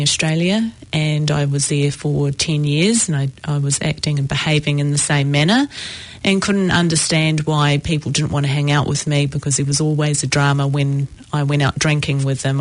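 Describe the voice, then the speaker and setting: Woman, halting. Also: low voice, no room sound. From New Zealand. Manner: reflective, halting, many ums. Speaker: recovering alcoholic sharing her story. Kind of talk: personal testimony.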